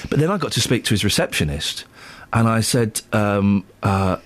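A man's voice: on the low side, normal speed. A man hosting a radio show, chatting casually and telling jokey stories. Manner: jokey, storytelling, animated.

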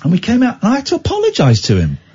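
A man's voice: extremely high pitch, very fast, husky. A British man hosting a radio show, telling stories in casual on-air chat, exclaiming and mimicking the people he quotes. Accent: British English. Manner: animated storytelling, imitating others, exclaiming. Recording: dull lo-fi radio sound.

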